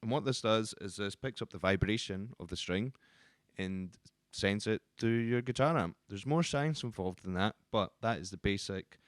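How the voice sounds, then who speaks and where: A man who works as a guitar teacher, explaining the instrument in a relaxed, casual way with frequent ums and restarts. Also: lowish voice, normal speed, no echo, studio quality.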